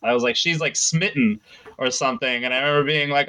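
A man's voice: mid-range voice, quick pace, pushed and bright, clean tone, rough recording. A young man telling a story in a casual podcast chat, rambling and full of "like.". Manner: rambling storyteller, heavy use of "like".

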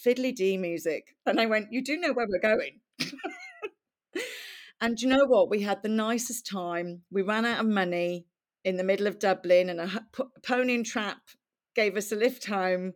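A woman's voice: mid-range voice, normal speed. A middle-aged woman from Wales, a podcast guest telling her life story in a chatty, candid way and laughing often. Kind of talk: conversational storytelling.

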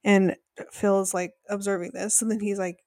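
A woman's voice: medium pitch, flat delivery, normal speed, a little mellow, no room sound, studio quality. A woman co-hosting a podcast, casually and animatedly retelling a reality show episode, saying "like" often. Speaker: podcast co-host.

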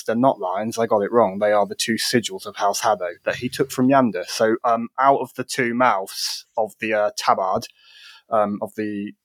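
A man's voice: medium pitch, fairly bright tone, no room sound, studio quality. A man playing a tabletop game, explaining his character's actions in detail and correcting himself. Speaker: player.

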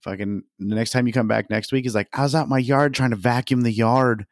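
A man's voice: medium pitch, fairly even intonation, fast talker, dry recording, studio quality. A man co-hosting a podcast, teasing and joking crudely with lots of swearing. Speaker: podcast co-host. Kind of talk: casual banter.

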